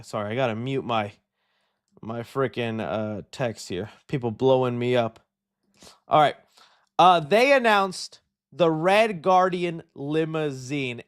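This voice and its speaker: A young man hosting a casual movie chat show, excitable and jokey, rambling as he goes. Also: sits high. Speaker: show host.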